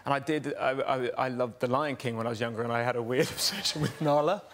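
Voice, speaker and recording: A man's voice: medium pitch, fast talker. A man guest on a chat show, sheepishly owning up with laughs. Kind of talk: embarrassed confession. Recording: loud studio audience and noise.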